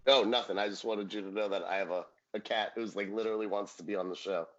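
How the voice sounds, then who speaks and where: A man's voice: lowish voice, steady tone, fast, fairly bright tone, lo-fi sound. A man co-hosting a podcast, chatting casually and jokingly about a sitcom episode and swearing now and then. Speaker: podcast co-host. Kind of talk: casual chat recapping a sitcom.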